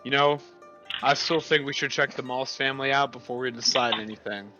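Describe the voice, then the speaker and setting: A man's voice: mid-range voice, steady tone, fairly quick, lo-fi sound, over music. Casual man playing a tabletop game. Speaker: player.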